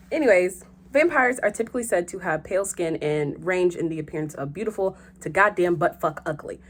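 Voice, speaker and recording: A young woman hosting a vlog in casual chat, animated and joking, with frequent swearing. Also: on the low side, a little fast, few pauses, faint music behind. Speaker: host.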